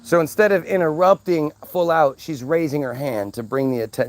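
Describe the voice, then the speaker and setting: A vlogger tells a story in a casual, exasperated rant, swearing freely and restarting often. His voice is on the high side at a normal speed, with no echo.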